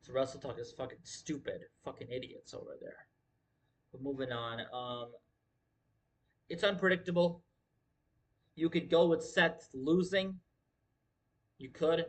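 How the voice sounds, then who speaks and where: A man's voice: a little high, fairly even intonation, a little slow, long pauses. A man hosting a wrestling livestream in casual commentary, talking emphatically with lots of swearing and repeating his points. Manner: profane, emphatic, repeats himself.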